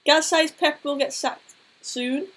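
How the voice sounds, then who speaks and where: A woman's voice: high voice, takes it slowly, fairly bright tone, poor audio. A young woman, co-hosting a casual football chat and reading out viewer questions. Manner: chatty, reads out viewer questions. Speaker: co-host.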